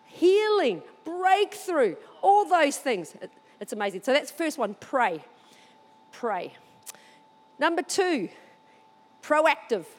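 A woman preaching, telling a personal story with animated, excited delivery. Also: sits high, unhurried, in a large hall.

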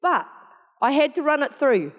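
A woman telling a story in a sermon, chatty and animated, laughing often. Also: high-pitched, moderate pace. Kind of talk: sermon testimony. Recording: long hall reverb.

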